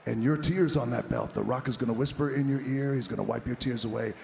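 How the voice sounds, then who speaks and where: A man cutting a menacing wrestling promo, taunting an opponent and speaking of himself in the third person, swinging from low growls to shouts. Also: fast talker, gravelly. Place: large arena. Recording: roomy arena sound, faint crowd noise.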